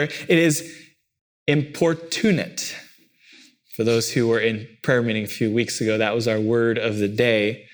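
A man preaching a sermon, animated and acting out cries with sudden leaps in pitch. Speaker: pastor.

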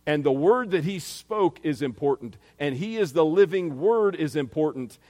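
A man's voice: fairly high pitch, animated, moderate pace, a little mellow, long reverb tail. A man preaching a sermon as pastor, earnestly reading and explaining scripture to his congregation.

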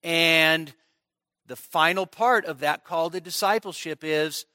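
A man's voice: fairly high pitch, slow pace, bright, forceful tone, dry recording, studio quality. A male pastor preaching an expository sermon at a midweek church service, talking conversationally and often checking in with the congregation.

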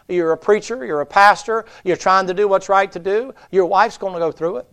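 A preacher delivers a folksy revival sermon in a church, spinning homespun stories and slipping into the voices of his characters. His voice is smooth and resonant, sitting a bit high for a man. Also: a little fast, few pauses, a bit bright. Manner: homespun storytelling, acts out voices in Bible stories. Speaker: guest preacher. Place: church sanctuary.

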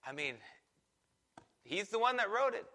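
A man's voice: sits high, sing-song, normal speed, pushed and bright. A man preaching a sermon as a pastor, in a conversational way that acts out quoted voices.

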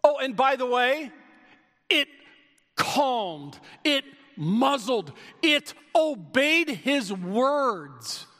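A male pastor with a very high, bright voice preaches slowly and deliberately. His delivery is animated and rises to shouts at key moments. The sound carries a long reverb from a large church hall. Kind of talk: sermon.

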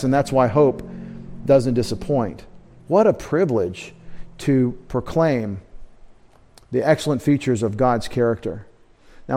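A man's voice: medium pitch, a little mellow. Earnest man preaching a sermon. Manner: earnest, emphatic preaching with slow stressed words. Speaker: pastor. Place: church service.

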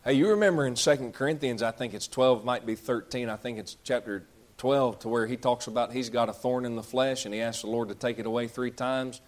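A man preaching a sermon, reading scripture aloud and explaining it in folksy, conversational asides. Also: medium pitch.

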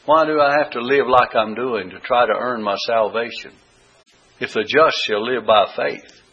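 A man's voice: medium pitch, normal speed, slightly rough. A man teaching a Bible study lesson, reading verses aloud and repeating key words with rising emphasis. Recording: dull lo-fi recording.

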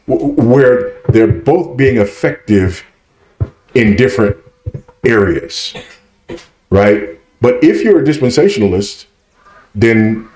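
Low-voiced emphatic man in echoey hall. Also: a little mellow. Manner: emphatic, checks understanding with repeated "right?". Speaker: conference speaker answering questions. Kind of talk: Q&A teaching. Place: conference hall.

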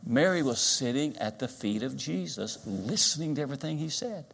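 An older man preaching a sermon, moving from quiet storytelling to loud, drawn-out emphasis. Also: medium pitch, lively intonation, creaky, slight background noise. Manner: dynamic preaching, swings loud and soft. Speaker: guest preacher.

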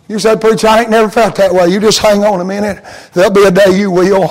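A pastor preaching a sermon to his congregation, swinging from soft, intimate tones to high, chanted, fervent appeals. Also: flat delivery, fast, low-quality recording.

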